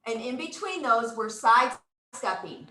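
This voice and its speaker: A woman instructor coaching a live exercise class, cheering people on with whoops and counting reps. Her voice sits high and sounds bright, and she gets audibly out of breath. It is recorded in an echoey room. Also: expressive, measured pace. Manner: upbeat, encouraging, counts out moves with whoops.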